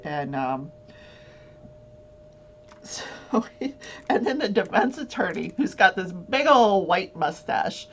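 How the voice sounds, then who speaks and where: A woman hosts a casual chat show, rambling through a story with plenty of ums and frequent laughter. Her voice sits somewhat low. The recording is dull and lo-fi, with a faint hum underneath. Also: gravelly. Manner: rambling storyteller who laughs often, many fillers. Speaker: host.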